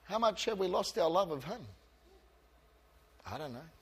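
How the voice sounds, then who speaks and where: A pastor preaching a passionate sermon, shifting from soft, quiet asides to loud outbursts, and joking about himself with the congregation. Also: male voice, high voice, animated, moderate pace, breathy edge. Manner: self-deprecating humour with the congregation. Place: church. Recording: long reverb of a church hall.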